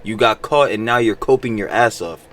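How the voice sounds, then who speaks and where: A man's voice: fairly low pitch, normal speed, a bit bright. A man hosting a reaction video, talking back at a clip with blunt, exasperated commentary full of swearing.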